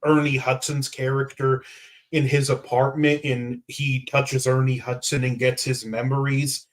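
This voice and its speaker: A man's voice: medium pitch, flat delivery, measured pace, poor audio. A man, a guest on a casual film review podcast, who speaks reflectively and fills his sentences with "like" and "just". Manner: thoughtful and reflective, with many fillers of "like" and "just".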